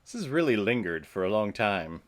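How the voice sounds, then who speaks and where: A man hosting a casual movie watch-along, reacting with excited, profane, laughing commentary. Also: fairly low pitch, moderate pace, heavy background noise.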